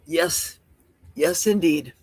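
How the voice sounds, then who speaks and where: A woman's voice: sits low, extremely slow, a little mellow, dry recording. A woman in her sixties from Wisconsin with a Midwestern accent, hosting a livestream in casual, rambling chat with folksy asides while reading viewer comments. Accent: Midwestern American. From Wisconsin, USA. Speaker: livestream host.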